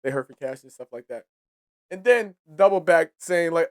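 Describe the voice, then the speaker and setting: A man's voice: on the high side, fast talker, clean tone. A man hosting a hip-hop podcast who talks casually and profanely, gives heated opinions and often trails off and restarts his sentences. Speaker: podcast host.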